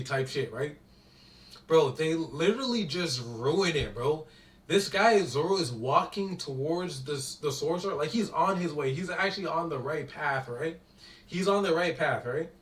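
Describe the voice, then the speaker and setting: A man's voice: fairly high pitch, expressive, unhurried. A young man in heated, profane commentary, talking in slangy, exasperated bursts. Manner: profane, slangy, exasperated rant with constant "bro". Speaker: commentator reviewing a show. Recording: echoey room, voice from a distance.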